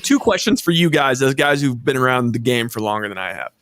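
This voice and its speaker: A man's voice: mid-range voice, animated, brisk, fairly bright tone. A man co-hosting a casual sports chat, laughing easily. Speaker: co-host.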